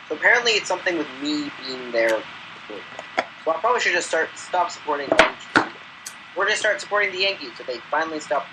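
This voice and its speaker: Self-mocking man, slightly high voice. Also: background noise. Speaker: podcast co-host. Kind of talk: casual sports chat.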